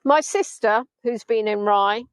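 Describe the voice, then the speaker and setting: A woman with a bright, high voice talks through a live virtual tour from a beach at sunset, filming on a phone on a gimbal. She rambles cheerfully and mocks herself with playful asides. The sound is dry and close, with no room echo. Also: a little slow. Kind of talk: chatty live tour commentary.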